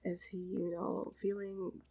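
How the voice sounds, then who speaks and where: A woman voicing a shy, self-conscious young woman in love who talks softly and stammers. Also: on the low side, little pitch movement, takes it slowly, vocal fry, slightly rough, exaggerated voice. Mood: awkward, embarrassed. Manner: hesitant, stammering, soft.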